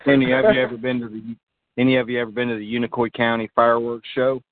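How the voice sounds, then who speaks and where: A man's voice: mid-range voice, flat delivery, fast talker, dry recording. A man telling a story in casual chat, repeating himself as he restarts. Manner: repetitive, with restarts. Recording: tinny phone-like audio with faint noise.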